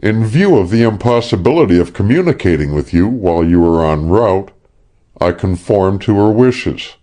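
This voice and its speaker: A man's voice: fairly low pitch, big pitch swings, normal speed, mellow, voice pushed up. A man voicing a formal, apologetic company manager in an audiobook.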